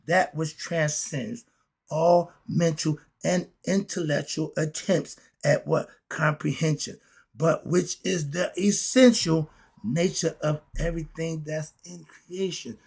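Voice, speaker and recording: A middle-aged man teaching spiritual philosophy, preachy and excitable, firing rhetorical questions at his listeners. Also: a little high, slow pace, creaky, slightly rough. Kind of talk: spoken lesson.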